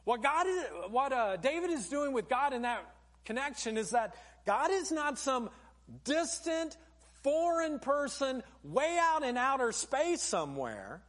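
A male pastor delivering a sermon in a high, lively voice that swings widely in pitch. He preaches in an easy, conversational way and turns often to his congregation as "folks". His delivery is expressive and engaging. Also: unhurried.

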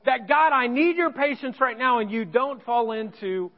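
A pastor telling a personal story in a sermon, with self-deprecating humor. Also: male voice, very high-pitched, normal speed, in a large hall, highs cut off. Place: church sanctuary.

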